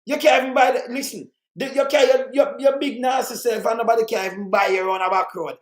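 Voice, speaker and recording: A man with a Jamaican accent hosting an angry political rant, reading out statistics, heated and repetitive, cursing and bursting into shouts. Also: very high voice, steady tone, brisk, hardly any pauses, echoey room. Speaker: channel host commenting on murder statistics.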